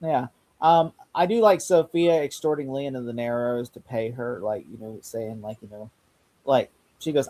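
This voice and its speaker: A man's voice: medium pitch, normal speed, dark tone. A young man chatting casually on a podcast, rambling, laughing often and acting out lines he quotes. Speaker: podcast host. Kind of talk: casual chat.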